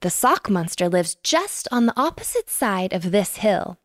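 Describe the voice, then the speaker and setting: A woman's voice: medium pitch, big pitch swings, measured pace, dry recording, studio quality. A woman voicing a cheerful female magical unicorn in a bedtime story, playful in manner.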